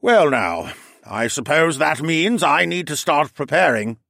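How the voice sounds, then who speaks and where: A man's voice: on the high side, expressive, a little slow, vocal fry, pushed and bright, no room sound, studio quality, pitched above the performer's own voice, exaggerated voice. A man voicing an older male dragon lord, fat and hateful, with a sneering, snarling delivery. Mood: smug.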